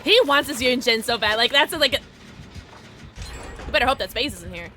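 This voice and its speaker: A young woman live-streaming a game, giggly and excitable, chatting with her viewers and squealing at the game. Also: sits high, normal speed, pauses often, over loud music.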